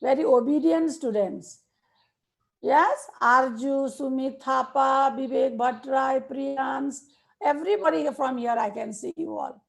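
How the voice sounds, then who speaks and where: A woman with a Nepali accent teaching young children in an online class over a video call, slowly dictating words one by one and repeating them. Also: sits high, vocal fry. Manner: slow, repetitive dictation to students.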